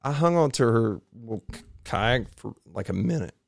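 A man, a triathlete guest, telling his stories in a rambling, animated way in a home garage. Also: mid-range voice, normal speed, vocal fry, dry recording, clean studio sound. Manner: rambling, animated storytelling with restarts. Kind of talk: casual storytelling interview.

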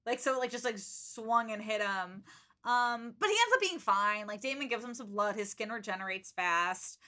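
Young woman, casual book chat, blunt jokes, bright tone, higher pitch. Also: animated, normal speed. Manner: chatty, lots of "like" and "um", blunt jokes. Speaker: book podcast co-host.

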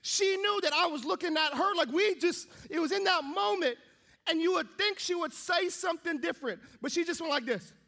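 Young male preacher, very high and forceful voice, animated storyteller. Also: fairly quick, gravelly. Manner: lively storytelling, acting out his own thoughts. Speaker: pastor. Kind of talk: sermon with a comic personal story.

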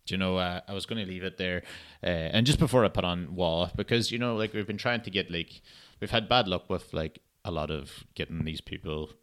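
With a low, fairly bright voice and a brisk pace, this young podcast host talks casually by himself. His solo chat is loose and rambling, and he swears a lot.

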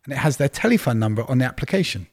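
Brief: middle-aged man, casual interview guest, anecdotal and chatty, even mid-range pitch. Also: racing. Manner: chatty anecdotal storyteller, exaggerates for laughs. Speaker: record label executive, guest.

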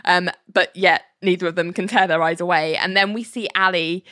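A woman's voice: on the low side, steady tone, moderate pace, pushed and bright, no echo, studio quality. A woman co-hosting a podcast, casually recapping a TV episode, quoting the characters in put-on voices and laughing often. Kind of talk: casual chat.

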